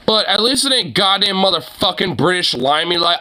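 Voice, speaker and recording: A male streamer in full rant mode, crude and profane as he reacts to posts. His voice is sharply bright and slightly high for a man. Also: animated, brisk, hardly any pauses.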